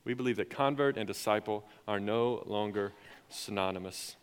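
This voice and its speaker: A young man preaching as a youth pastor, telling stories in a lively, rising way. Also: fairly low pitch, normal speed, clear, resonant tone. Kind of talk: sermon. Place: church sanctuary. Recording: long hall reverb.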